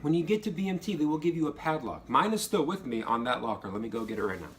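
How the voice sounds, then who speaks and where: A young man telling stories and giving casual advice about basic training, acting out the instructors' yelling. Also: fairly high pitch, quick pace, a little hiss or hum. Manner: animated, acts out drill instructors' yells. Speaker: vlogger, former Air Force trainee.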